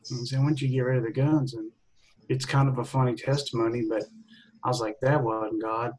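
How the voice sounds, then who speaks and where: A man in a Bible study group sharing a personal testimony in a halting, conversational way. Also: medium pitch, fairly even intonation, a little hiss or hum, poor audio.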